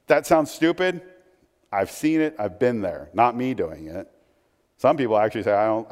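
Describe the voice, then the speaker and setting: A man's voice: fairly low pitch, a little mellow. A man preaching a sermon in a conversational way, with frequent restarts and asides. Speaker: pastor. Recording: long hall reverb.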